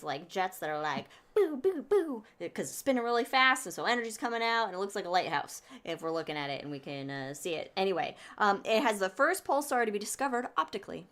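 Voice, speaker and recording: A woman's voice: mid-range voice, a bit bright. A woman co-hosting a casual astronomy podcast, explaining sky objects in a rambling, chatty way with lots of fillers. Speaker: podcast co-host presenting sky events. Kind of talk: casual chat.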